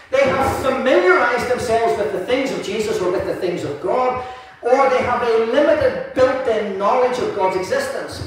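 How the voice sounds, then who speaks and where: High-voiced preacher in an echoey church. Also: male voice. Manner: prays softly, then preaches with lively storytelling and laughter. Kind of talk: sermon. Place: church hall. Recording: echoey room from far off.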